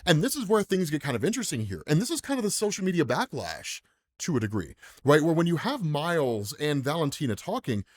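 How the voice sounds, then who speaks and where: With a slightly high voice, big swings in pitch, and a brisk pace, an American comics commentary host chats casually. He laughs frequently and says "right?" constantly.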